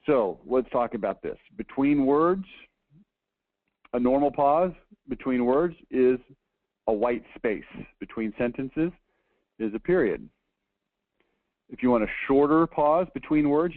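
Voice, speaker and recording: A man's voice: medium pitch, dry recording. A man giving a conversational slide lecture, tagging his points with "okay?" and restarting words as he talks. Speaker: presenter reviewing a book. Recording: dry, phone-like lo-fi audio.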